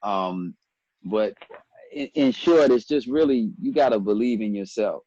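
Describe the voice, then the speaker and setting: A man in his forties from Ethiopia, a guest telling stories in a relaxed interview, animated and quick to quote others. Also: fairly low pitch, lo-fi sound. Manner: animated storyteller, breaks into quoted voices and laughs. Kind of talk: casual storytelling interview.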